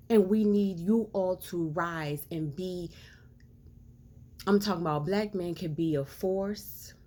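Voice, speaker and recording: A woman speaking slowly and deliberately in an earnest, preachy monologue. She leans on rhetorical questions and draws out key words for weight. Her voice sits at an ordinary middle pitch. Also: a little mellow. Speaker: social commentator. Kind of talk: impassioned monologue to camera.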